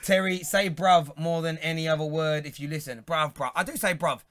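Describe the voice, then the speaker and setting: A man's voice: a little high, fairly even intonation, fairly quick. A man with a Cockney accent, co-hosting a casual football live stream, joking and laughing with many restarts. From England. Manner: jokey, laughing, stumbling restarts. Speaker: co-host of a football live show.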